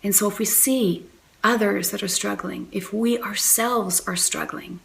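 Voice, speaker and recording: A woman giving a gentle, reflective spiritual talk, pausing often with fillers. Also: medium pitch, fairly even intonation, vocal fry, slight background noise. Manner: gentle, many pauses and fillers. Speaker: faith and motherhood speaker.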